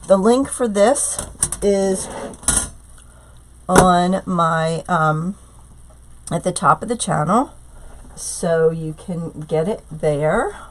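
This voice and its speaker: A middle-aged woman with a hoarse voice from a cold, chatting through a live craft tutorial and greeting viewers by name. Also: fairly low pitch. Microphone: tablet streaming live.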